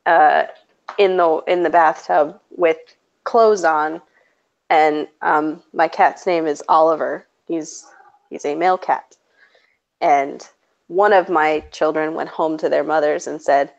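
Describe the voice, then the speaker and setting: A young woman with a fairly low voice tells classroom anecdotes in a loose, chatty way. She slips into quoted voices and laughs as she goes. The audio is muffled and lo-fi. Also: takes it slowly, gravelly. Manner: animated anecdote telling, acting out quotes with laughs. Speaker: preschool teacher. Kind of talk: casual storytelling chat. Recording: dull lo-fi audio.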